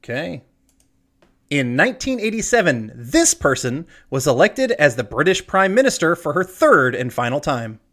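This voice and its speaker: Guy running a trivia quiz, kinda high voice that bounces around a lot. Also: normal speed. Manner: lively, reads trivia questions aloud. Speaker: quiz host. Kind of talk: casual quiz show banter.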